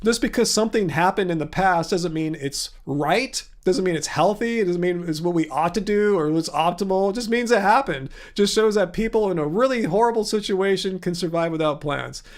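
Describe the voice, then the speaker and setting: A man's voice: high voice, a little fast, hardly any pauses. A man hosting a livestream, chatting casually in response to viewer comments with a sarcastic, incredulous manner, rambling with plenty of fillers. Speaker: livestream host.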